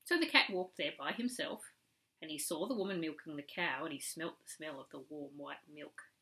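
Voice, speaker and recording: A woman's voice: low-pitched, moderate pace, creaky, bright, forceful tone, poor audio. A woman reading a classic storybook aloud to a small child, rhythmic and storytelling.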